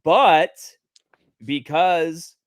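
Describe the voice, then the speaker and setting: Relaxed man with a Boston accent. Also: on the high side, very slow, no echo. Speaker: podcast guest, game company founder. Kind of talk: casual podcast chat.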